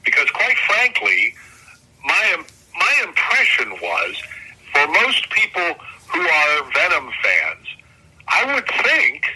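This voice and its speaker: A man's voice: on the high side, huge pitch swings, takes it slowly, bright, forceful tone, slightly rough, rough recording. An older man, a comic artist guest, talking casually and enthusiastically in an interview, often restarting his sentences. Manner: rambling, self-correcting, enthusiastic.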